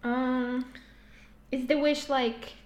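A woman's voice: sits high, little pitch movement, extremely slow. Casual swearing woman chatting. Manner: swears freely, jokey and self-mocking. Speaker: podcast guest. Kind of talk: casual chat.

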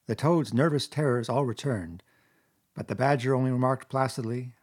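Husky male audiobook narrator. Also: mid-range voice. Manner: measured, expressive storytelling. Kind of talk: audiobook narration of a classic children's story.

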